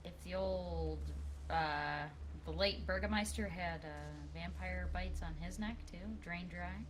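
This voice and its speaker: A woman taking part in a tabletop game, asking questions in a casual, unhurried way. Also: fairly low pitch, slight background noise. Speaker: player.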